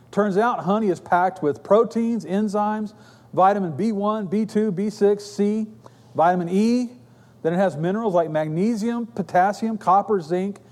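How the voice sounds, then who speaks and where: Chatty preacher in a reverberant church. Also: male voice, sits high, a little mellow. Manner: conversational storytelling preaching with asides. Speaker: pastor. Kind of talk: sermon. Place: church sanctuary. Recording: long reverb of a church hall.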